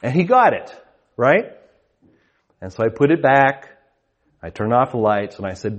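A man in his thirties preaching at a conference in a medium-pitched voice. He tells homey family stories with self-deprecating jokes. He often stumbles into restarts. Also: very animated, measured pace, pauses often, muffled recording. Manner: casual storytelling, frequent restarts, self-deprecating humor. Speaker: conference speaker. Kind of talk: sermon with family anecdotes.

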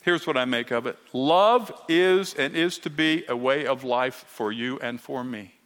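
Earnest preacher in a reverberant hall. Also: male voice, medium pitch, unhurried, clear, resonant tone. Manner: emphatic, earnest, grows emotional and quiet. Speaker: pastor. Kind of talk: sermon.

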